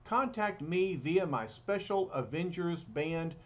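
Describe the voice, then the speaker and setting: A man's voice: on the high side, lively intonation, slow, voice pushed up. A man voicing an earnest, determined male superhero, on a dull lo-fi recording.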